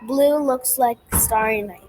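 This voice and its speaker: A woman's voice: fairly high pitch, measured pace, darkish tone, a little hiss or hum, rough recording. A woman reciting a short poem in a careful, line-by-line way. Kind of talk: reciting a sensory color poem.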